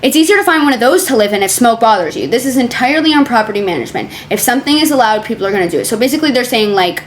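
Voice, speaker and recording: Chatty, sarcastic young woman with a slightly high voice. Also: lively intonation, rapid-fire, few pauses, slight background noise. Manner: chatty, sarcastic, swears freely, laughs often. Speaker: streamer reacting to forum posts. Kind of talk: casual reaction commentary, reading posts aloud.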